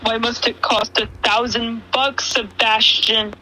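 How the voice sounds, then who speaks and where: A man's voice: very high voice, flat delivery, slow, sharp tone, poor audio. A man co-hosting a live stream, chatting casually in a teasing, blunt way.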